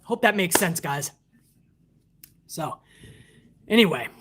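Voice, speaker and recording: A man's voice: a little high, expressive, slow pace, a bit bright, husky. A man from the United States hosts a casual wrestling livestream, talking in a loose, rambling way. He swears freely and works himself up into heated rants between reading donations. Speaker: wrestling podcast host.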